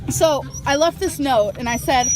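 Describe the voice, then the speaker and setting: A woman's voice: high-pitched, normal speed, heavy background noise. Chatty woman vlogging from a car. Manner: rambling and chatty. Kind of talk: casual vlog chat. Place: parked car.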